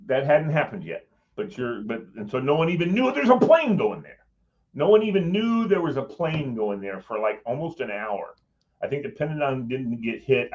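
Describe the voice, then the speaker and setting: A man telling a personal story in a rambling, casual way, with some swearing, acting out what others said. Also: mid-range voice. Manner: rambling, swears, acts out quoted voices. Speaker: former Capitol Hill staffer telling a story. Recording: dull lo-fi audio.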